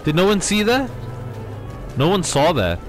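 A man narrating his gameplay in an excitable, chatty way, his pitch jumping up and down as he reacts and talks straight to his viewers. Game music plays faintly underneath. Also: a little slow. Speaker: gaming YouTuber. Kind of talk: casual let's-play commentary.

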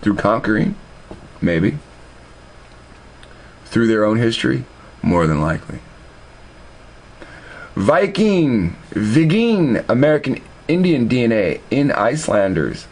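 Low-voiced man with a gravelly edge, rambling and profane, casual storyteller. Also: lively intonation, normal speed, pauses often. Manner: profane, loose and conversational with many restarts.

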